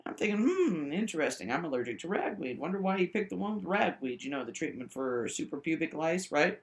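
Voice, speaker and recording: Rambling, animated woman telling a story. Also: fairly quick. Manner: animated, swings between high exclaims and low mutters; keeps checking in with the listener with "right?". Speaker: vlogger telling a personal story. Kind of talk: rambling first-person storytelling.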